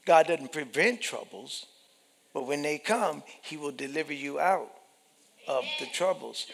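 A man preaching a sermon, swinging from hushed whispers to loud, shouted passages. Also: fairly high pitch, lively intonation, a little slow, gravelly, big-room sound. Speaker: pastor.

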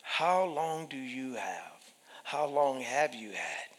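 A man preaching a sermon, emphatic and animated, repeating phrases and acting out the voices he quotes. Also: medium pitch, slow pace. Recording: long hall reverb.

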